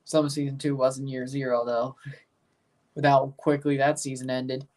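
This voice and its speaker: A man's voice: medium pitch, flat delivery, moderate pace, recorded from a distance. Rambling man talking a bit off-mic. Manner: rambling, chats with viewers, gets loud and emphatic when judging. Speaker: livestream host ranking soccer kits. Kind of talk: casual livestream chat.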